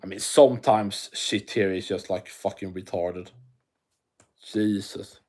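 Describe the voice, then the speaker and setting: A man's voice: sits low, fairly even intonation, unhurried, darkish tone. A Swedish man with a Swedish English accent, chatting casually and profanely on an MMA livestream while reading chat aloud. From Sweden.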